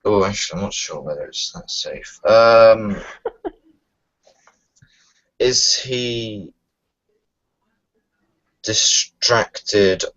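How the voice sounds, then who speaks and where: A man playing a tabletop game, unsure and hesitant, thinking aloud about his moves. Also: deep voice. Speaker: player. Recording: dull lo-fi home recording.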